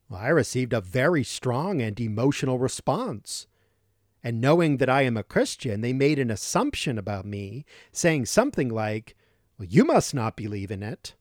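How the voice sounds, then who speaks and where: Guy reading a bible teaching on the radio, steady mid voice, slows way down on the big words, dry studio mic. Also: mid-range voice, no echo. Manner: deliberate, slows down to stress key words. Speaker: Christian radio host.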